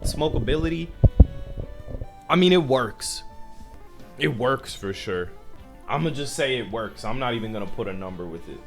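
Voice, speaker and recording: A man's voice: mid-range voice, lively intonation, moderate pace, pauses often, faint music behind. A young man hosting a reaction video, joking loosely and casually with profanity. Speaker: host.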